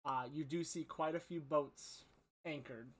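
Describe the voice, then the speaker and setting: A man runs a tabletop game in a slightly raised voice. He narrates in halting stretches, padding with ums and pausing to clear his throat. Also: fairly high pitch, steady tone. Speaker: game master.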